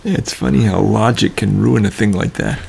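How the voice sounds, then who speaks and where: A man's voice: lowish voice, fairly quick, vocal fry, darkish tone, slight background noise. A man co-hosting a casual radio chat, musing thoughtfully and answering with short murmurs.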